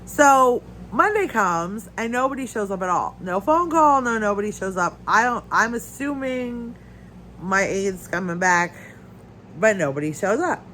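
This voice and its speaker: Stuffy-nosed woman with a cough, lively swinging pitch, rambling home chat, faint hiss. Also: measured pace, low-quality recording. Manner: rambling, ranting storyteller. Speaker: crafting channel host. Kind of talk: casual chat while crafting. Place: her home.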